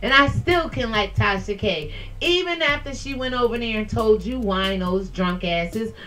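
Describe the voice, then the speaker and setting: A woman's voice: fairly high pitch, normal speed, soft background music, rough recording. Brash profane woman vlogger. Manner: profane, loud and animated, laughing at own jokes. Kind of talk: casual commentary responding to comments.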